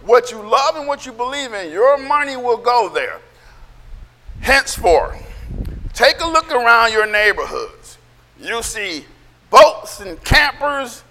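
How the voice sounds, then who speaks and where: Male pastor preaching, loud and nearly yelling, with a bright and very high voice. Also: long reverb tail. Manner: loud, emphatic, sounds like yelling; calls for amens from the congregation. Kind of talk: sermon.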